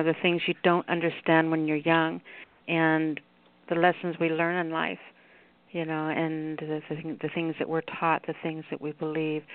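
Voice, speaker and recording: A man hosting a call-in poetry show, rambling and effusive in his praise. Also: fairly high pitch. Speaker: radio show host. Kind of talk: casual chat. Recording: tinny phone line.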